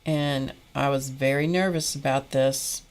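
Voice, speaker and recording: A woman's voice: a bass voice, fairly even intonation, a little slow. A woman hosting a live painting class, telling rambling stories as she paints and greeting chat viewers by name. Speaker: art instructor hosting a live painting stream. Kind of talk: casual live-stream chat while painting.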